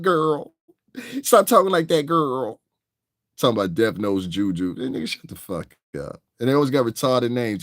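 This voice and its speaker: A man's voice: mid-range voice, no room sound, clean studio sound. A man hosting a livestream, ranting angrily and combatively with heavy profanity. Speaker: livestream host. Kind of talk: casual livestream rant.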